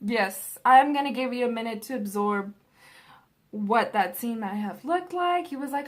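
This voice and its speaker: A woman's voice: on the high side, lively intonation, normal speed. A young adult woman vlogger telling a story in a casual, rambling, profane way.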